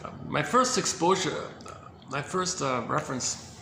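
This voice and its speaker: In an echoey indoor room with background noise, a host with a gravelly, low voice presents quotes in a casual, rambling talk. He is expressive and a little slow, meandering and self-correcting as he chuckles softly.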